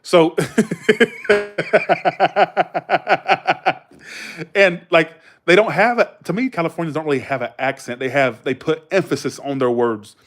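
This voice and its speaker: Brisk and barely pausing, his fairly high, slightly bright voice carries a Southern accent from the US South. He's rambling casually on a live stream, swearing freely as he tells stories.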